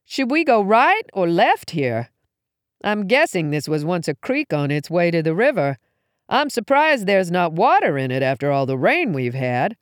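A woman's voice: lowish voice, very animated, moderate pace, dry recording, studio quality. A woman reading aloud, voicing an anxious young woman who urges her mother to keep moving. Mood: shaken. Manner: urgent, pleading. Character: anxious young woman named Darcy, cautious.

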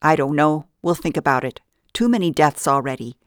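A woman's voice: deep voice, expressive, brisk, dry recording, clean studio sound. A woman voicing a harsh, bossy female kidnapper in an audiobook, with a curt, commanding manner. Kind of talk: audiobook narration.

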